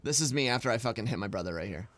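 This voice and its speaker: A young man co-hosting a podcast, telling stories in a profane, excitable way while reacting to videos. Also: mid-range voice, rapid-fire, slight background noise. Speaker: podcast co-host. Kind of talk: casual chat reacting to videos.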